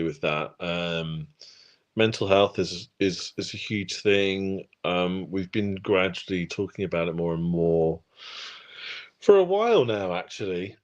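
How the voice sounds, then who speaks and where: A man's voice: low voice, lo-fi sound. A man talking as a guest musician in a casual interview, hesitant with many ums and restarts.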